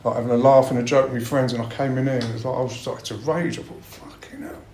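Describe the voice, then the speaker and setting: A man's voice: medium pitch, little pitch movement, rapid-fire, a little mellow, a little hiss or hum. Blunt, swearing man sharing at a recovery meeting, roomy hall sound. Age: middle-aged. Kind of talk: personal share at a recovery meeting. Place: meeting room. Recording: roomy meeting-room echo.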